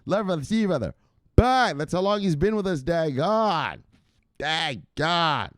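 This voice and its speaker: A man hosting a casual crypto news livestream, joking and cursing as he gives animated shout-outs to viewers. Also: a little high, a little slow, smooth, dry recording, clean studio sound.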